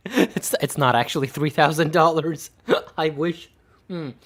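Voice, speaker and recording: A man's voice: a little high, slow pace, fairly bright tone. A young man streaming, chatting casually and sarcastically while opening game cases, rambling with frequent little laughs.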